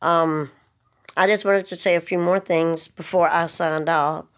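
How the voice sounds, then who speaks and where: A woman's voice: on the low side, steady tone, unhurried. A woman speaking earnestly to the camera, holding back tears as she pleads. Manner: earnest, pleading, plain-spoken. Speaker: vlogger. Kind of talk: emotional direct-to-camera message.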